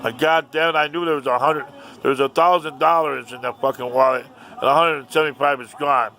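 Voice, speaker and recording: A man playing a menacing, foul-mouthed armed father who is gruff and blunt, in a told story. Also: fairly high pitch, steady tone, fairly quick, bright, forceful tone. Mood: indignant.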